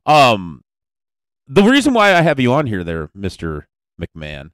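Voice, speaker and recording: A man's voice: mid-range voice, wildly swooping pitch, unhurried, a bit bright, no echo. A man hosting a podcast, chatting casually and interviewing his co-host in a playful, mock-formal way. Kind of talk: casual chat.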